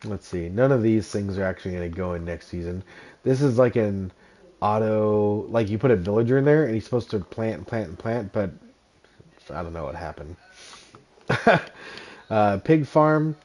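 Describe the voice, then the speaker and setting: A man's voice: fairly low pitch, lively intonation, moderate pace, darkish tone. A man hosting a casual livestream, chatting with viewers and explaining his gameplay while laughing often. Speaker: streamer.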